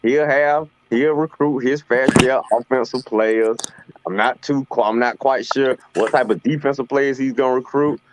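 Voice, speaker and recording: A man's voice: mid-range voice, steady tone, moderate pace, background noise. A man, co-hosting a casual sports debate and trash-talking a rival. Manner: boastful trash talk. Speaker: sports show co-host. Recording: dull lo-fi dry sound.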